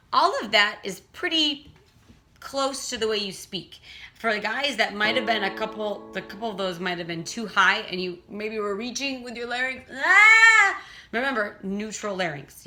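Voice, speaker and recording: A woman's voice: medium pitch, pushed and bright. A woman teaching a casual singing lesson, chatting and breaking off to demonstrate vocal sounds.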